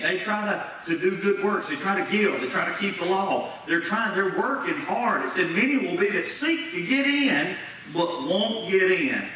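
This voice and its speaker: A man's voice: high voice, sharp tone. A man preaching a sermon as pastor, folksy and plain-spoken, putting questions to the congregation. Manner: folksy preaching with Southern-style grammar, asks the congregation questions. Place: church sanctuary. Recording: echoey church sanctuary from far off, faint noise.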